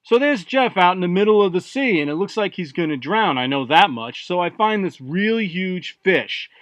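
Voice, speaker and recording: Offhand, deadpan man reading his story. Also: high-pitched, moderate pace, no echo. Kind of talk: casual first-person story reading.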